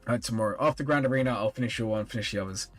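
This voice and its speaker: Sleepy low-voiced man streamer. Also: very fast, soft background music. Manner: chatty, reads and answers viewer chat. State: sleepy, yawning. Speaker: streamer reviewing game rosters. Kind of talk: casual live-stream chat.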